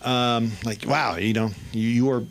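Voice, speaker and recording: A man's voice: medium pitch, fairly even intonation, unhurried, creaky. A man hosting a comedy show, rambling through his own set with a hesitant, filler-heavy delivery. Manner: meandering, hesitant, full of fillers. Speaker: host. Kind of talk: stand-up set. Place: comedy club stage.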